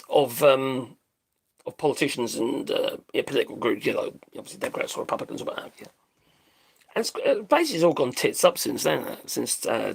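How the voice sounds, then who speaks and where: On his live stream, a middle-aged man from Britain speaks with a creaky, medium-pitched voice. His casual commentary is a blunt, sweary, rambling rant, punctuated by laughter at his own jokes.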